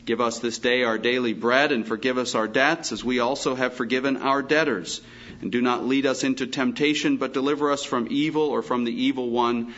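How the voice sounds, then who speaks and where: A male pastor preaching a Bible teaching sermon, reading scripture slowly and breaking off for emphatic asides. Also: medium pitch, fairly even intonation, a bit bright, muffled recording.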